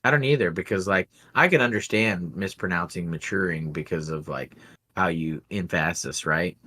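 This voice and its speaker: A man's voice: sits low, normal speed, bright, forceful tone, breathy edge. A man co-hosting a podcast, chatting casually while tasting a beer, rambling with a wry, dry humor. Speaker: podcast co-host.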